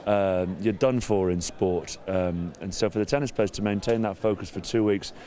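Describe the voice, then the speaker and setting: A middle-aged English man, a former rugby player, chatting in an outdoor interview, self-mocking and growing animated. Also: lowish voice, moderate pace. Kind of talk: casual interview chat. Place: outdoors at a sports venue.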